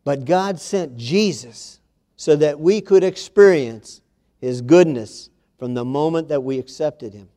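A man preaching a sermon in a warm, mellow voice that sits a little higher than most. He speaks with emphasis, reading scripture aloud and addressing his congregation directly. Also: a little slow.

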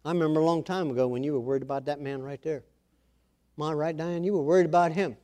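A pastor delivers his sermon in a fairly high voice for a man. He talks with his congregation in an easy, chatty way and names people in the pews. He often builds to loud, emphatic preaching. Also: fast. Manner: conversational, calls on members of the congregation by name.

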